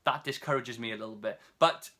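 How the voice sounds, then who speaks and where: A British man giving a casual video tutorial as an online seller, talking quickly with many fillers and restarts. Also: medium pitch, pushed and bright. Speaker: online seller teaching a course.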